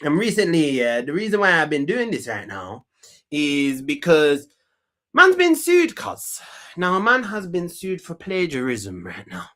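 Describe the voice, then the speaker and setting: A man, bragging and rambling through a comedic talk show monologue. His slightly high voice swings widely up and down as he holds forth. He comes across as brash and full of himself. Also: wildly swooping pitch, a little slow, fairly bright tone. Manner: boastful, slangy, rambling.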